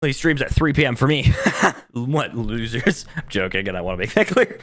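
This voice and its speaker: Chuckling often, a young man jokes with his chat during a casual live stream of a video game, game music in the background. His mid-range voice is fairly bright, with lively intonation and a moderate pace.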